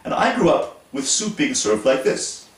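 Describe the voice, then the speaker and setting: A man from Montreal, Canada, hosting an instructional talk to camera in a slow, deliberate, explanatory way. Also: on the high side, very animated. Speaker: host. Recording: roomy echo, voice from a distance.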